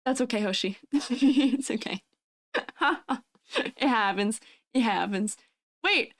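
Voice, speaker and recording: A young adult woman VTuber streamer with a high, youthful-sounding voice, chatting with viewers in a bubbly, giggly way. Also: no echo, studio quality. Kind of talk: casual live-stream chat.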